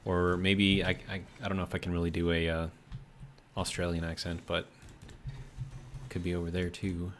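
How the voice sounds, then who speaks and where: A man's voice: sits low, monotone, brisk, pauses often, slight background noise. An American man chatting casually on a live stream, rambling with lots of fillers while he reads out chat messages. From United States.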